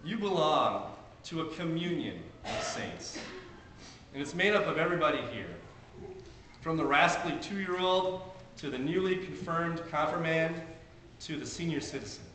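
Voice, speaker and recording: This is a pastor preaching to his congregation in a church sanctuary during a service, earnest and conversational. His voice sits on the high side, animated and fairly bright, at a moderate pace. A handheld camcorder in the congregation captured it, so the audio is very echoey with a little hiss or hum.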